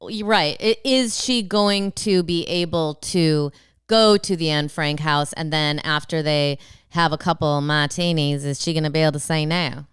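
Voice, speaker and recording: A woman co-hosting a podcast in casual chat, reading listener letters aloud with quick asides. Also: sits low, smooth, no room sound, clean studio sound. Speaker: podcast co-host.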